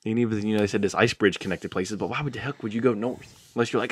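A young man co-hosting a podcast, musing out loud in a loose, rambling way with lots of fillers. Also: fairly low pitch, fast, slightly rough, dry recording, studio quality. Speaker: podcast co-host. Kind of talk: casual chat.

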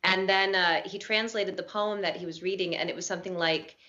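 A woman's voice: mid-range voice, steady tone, fairly quick, pushed and bright, dull audio. A woman in her thirties, a talk show guest, chatting in a bubbly, self-deprecating way and laughing often. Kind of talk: late-night talk show chat.

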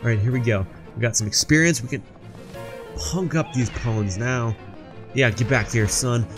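A young man doing let's play commentary, jokey and rambling, yelling at the enemies on screen. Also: mid-range voice, moderate pace, over music. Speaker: gaming YouTuber.

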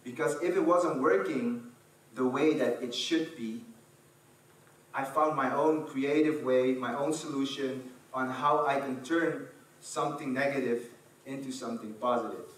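A man's voice: mid-range voice, measured pace. Man telling a story in an echoey hall. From Netherlands. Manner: animated, acts out scenes, fillers and restarts. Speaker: speaker. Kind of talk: personal storytelling speech. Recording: echoey hall from far off, faint ambience.

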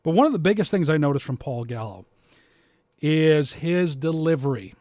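A man with a fairly high voice holds forth in a casual rant, mocking his target and rambling through false starts. The sound is dry and close, with no room echo. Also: expressive, normal speed, a little mellow. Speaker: commentator.

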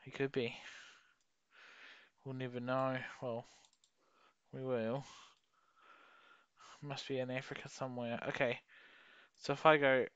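Kiwi guy rambling and swearing over a geography game, talks slow, dry lo-fi mic. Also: medium pitch, smooth, dry recording. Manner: rambling, swears a lot, excitable outbursts. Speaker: gaming YouTuber. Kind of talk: casual gameplay commentary.

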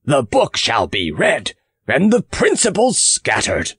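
A male audiobook reader voicing a blustering, hearty farmer who lectures with loud emphasis. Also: fairly high pitch, huge pitch swings, slow pace, slightly rough, dry recording, voice pushed up, full character voice. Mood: emphatic.

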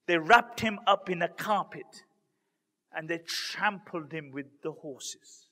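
An Islamic preacher with a high, bright, forceful voice delivers a storytelling sermon at normal speed to a live audience. He dramatically acts out the words of the people in his stories, and a long hall reverb surrounds him.

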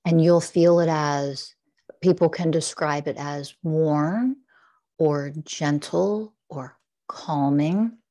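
A woman teaching a heart-centered meditation, guiding slowly with soothing, repeated affirmations. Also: sits low, warm tone. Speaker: guest, spiritual teacher.

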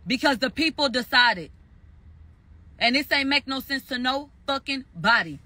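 A man's voice: very high voice, expressive, moderate pace, bright, forceful tone, no room sound. A man giving a heated spoken recap, emphatic and profane, repeating phrases for stress. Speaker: commentator recounting a court verdict.

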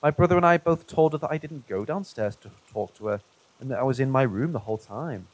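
A man reading true paranormal stories aloud in a calm, even narration. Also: mid-range voice, fast talker, no room sound, rough recording. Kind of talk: scripted narration.

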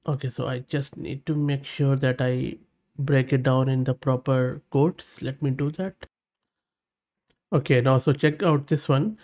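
Man walking through a software test. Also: mid-range voice, moderate pace. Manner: thinks aloud while testing, reads prompts and outputs aloud; upbeat, plain-spoken verdicts. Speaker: tech channel host. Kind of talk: screen-recorded software tutorial.

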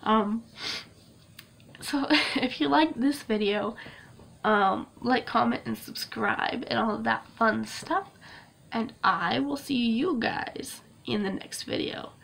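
A woman's voice: fairly high pitch, slow pace, creaky, fairly bright tone, a little hiss or hum. A young woman vlogging to camera in a casual, gushing way, laughing often and tearing up. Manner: emotional, gushing, laughs often, many fillers. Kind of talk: casual vlog talk to camera.

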